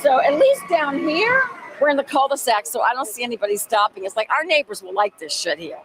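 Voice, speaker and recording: A woman's voice: sits high, very animated, a little fast, noisy background. An older woman hosting her show, telling a story in a chatty, gossipy way and mimicking the people in it. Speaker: host. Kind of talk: casual storytelling.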